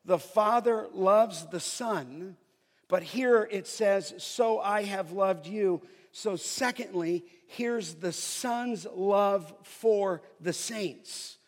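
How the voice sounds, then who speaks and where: High-voiced preacher in a reverberant hall. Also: male voice, drawn-out words. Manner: emphatic, draws out key phrases when reading scripture. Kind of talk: expository sermon.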